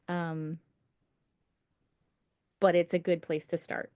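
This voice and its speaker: A woman leads an online singing lesson, taking her time over each point in a slow, encouraging way. Her voice is mellow and soft-edged. The sound is dry and close, as on a video call. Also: on the low side, steady tone, no room sound. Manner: patient, encouraging, explains slowly. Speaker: singing teacher. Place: home setup on a video call.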